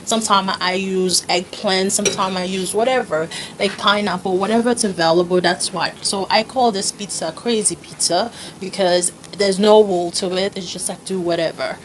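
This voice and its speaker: A woman's voice: medium pitch, steady tone, moderate pace, hardly any pauses, slight background noise, poor audio. Chatty woman cooking in her kitchen. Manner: chatty, laughs at herself, talks to viewers as "guys". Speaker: home cooking vlogger. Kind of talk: casual cooking demonstration. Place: home kitchen.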